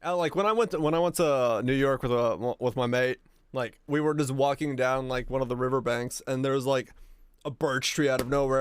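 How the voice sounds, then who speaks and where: A man's voice: medium pitch, fairly quick, clean tone, no room sound. Swearing, laid-back young man from Finland. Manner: chatty and laid-back, swears often, laughs easily. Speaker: game streamer. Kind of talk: casual chat with viewers while gaming.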